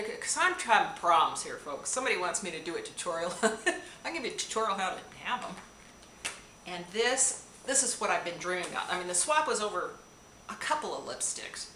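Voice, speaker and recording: This beauty vlogger has a bright, forceful, medium-pitched voice as she unboxes a gift package, gasping and gushing over each item. A camera on a tripod records her in an echoey room with noticeable noise.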